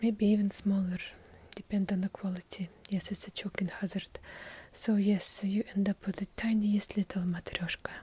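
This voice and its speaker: A woman with a heavy Russian accent doing whispered ASMR, with dry, deadpan joking asides. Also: mid-range voice, moderate pace, few pauses, breathy edge. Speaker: ASMR creator. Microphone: handheld recorder up close.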